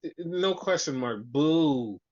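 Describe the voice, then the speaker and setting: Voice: medium pitch, a little slow. Podcast host ranting thru a wrestling recap, swears a lot, acts out the quotes, kinda dull lo-fi sound. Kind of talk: casual wrestling recap chat.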